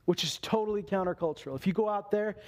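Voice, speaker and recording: Male pastor, high voice, animated sermon delivery. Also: quick pace. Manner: animated preaching, acts out quotes.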